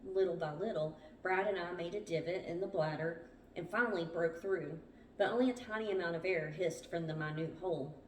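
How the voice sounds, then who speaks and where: A woman's voice: on the low side, fairly quick, slight background noise. A woman hosting a book club, reading a survival memoir aloud with small stumbles. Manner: plain storytelling read with small stumbles. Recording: roomy, distant from the mic.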